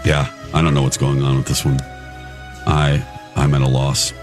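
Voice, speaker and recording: A man's voice: a bass voice, little pitch movement, normal speed, over music. A man co-hosting a morning radio talk show, bantering casually and joking at his own expense. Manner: joking, self-deprecating, chatty. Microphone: studio microphone.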